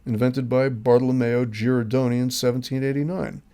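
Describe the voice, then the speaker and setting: Earnest man reading political commentary, mellow. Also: mid-range voice, steady tone, brisk, clean tone. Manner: earnest, emphatic read with rhetorical questions. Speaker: host. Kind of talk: scripted commentary.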